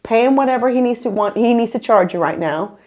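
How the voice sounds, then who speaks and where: A woman's voice: on the high side, fast. Woman podcast host, casual storyteller who keeps slipping into voices. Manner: animated, acts out quoted people.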